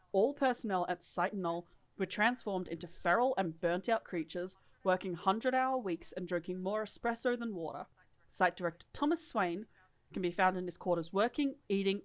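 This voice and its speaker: A woman co-hosting a podcast and reading lore aloud with casual commentary. She is loose and irreverent, and she swears freely. Her voice sits at a mid pitch. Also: normal speed. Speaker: podcast co-host.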